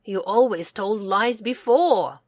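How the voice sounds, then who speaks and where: A woman's voice: medium pitch, takes it slowly, darkish tone, dry recording, studio quality. A woman voicing grumpy, doubting village folk with a scolding manner in a storybook reading. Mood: annoyed.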